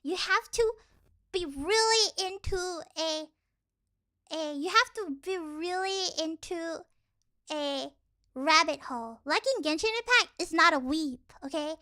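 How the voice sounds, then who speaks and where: A young woman streaming casually, rambling with lots of fillers and sometimes dropping into sighs and soft whispers. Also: extremely high pitch, unhurried. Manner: rambling, filler-heavy, animated ranting; drops to sighs and soft whispers between points. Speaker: vtuber streamer.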